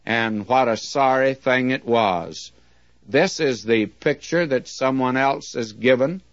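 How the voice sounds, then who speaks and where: Male preacher, American, unhurried and earnest; dry, dull old recording. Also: mid-range voice, dry recording. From United States. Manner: measured, earnest preaching with slow emphatic readings. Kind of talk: sermon.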